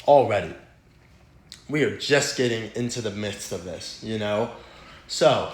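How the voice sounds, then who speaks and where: A young man casually telling a rambling, profane personal story in slangy talk. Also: mid-range voice. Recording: roomy echo.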